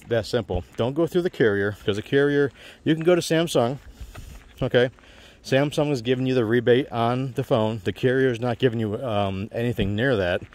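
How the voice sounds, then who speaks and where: A man's voice: fairly low pitch, a little mellow. A man casually explaining phone tech to viewers, rambling with many fillers and restarts. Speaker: channel host giving phone advice.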